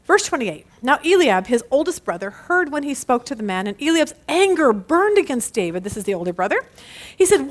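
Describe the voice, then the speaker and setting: Bible study leader, middle-aged woman, high bright voice, animated, laughs at herself. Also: brisk. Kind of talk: lively Bible study teaching.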